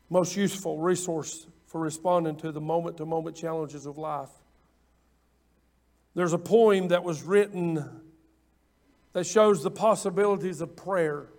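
A man preaching a sermon, impassioned and repetitive at times, then dropping into quiet asides. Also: on the high side. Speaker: pastor.

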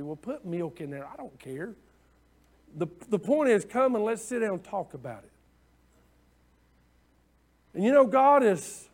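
Pastor guy preaching, high voice, folksy and chatty, keeps repeating himself. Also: darkish tone. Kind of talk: sermon.

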